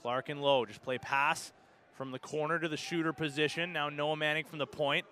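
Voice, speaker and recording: Bright-voiced Canadian lacrosse play-by-play man. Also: a little high, steady tone, slight background noise. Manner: brisk, rises sharply on goals and saves. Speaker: play-by-play commentator. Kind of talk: live lacrosse play-by-play commentary.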